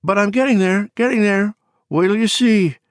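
A man voicing a gaunt, exhausted woman with a shrill, wavering, croaking voice, for an audiobook. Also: normal speed, dry recording, studio quality, lightly acted. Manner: trembling, breathless with exhaustion. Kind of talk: audiobook character voice.

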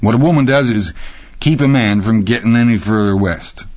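A man voicing a crude, rowdy, cackling middle-aged man with a high, yelping voice and backwoods slang. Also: moderate pace, darkish tone, no echo, lightly acted. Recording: dry, slightly muffled recording.

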